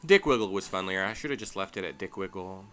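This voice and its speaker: A man's voice: low-pitched, lively intonation, quick pace, fairly bright tone, soft background music. A male streamer giving casual, goofy gameplay commentary, amusing himself as he talks. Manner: goofy, self-amused talking to himself.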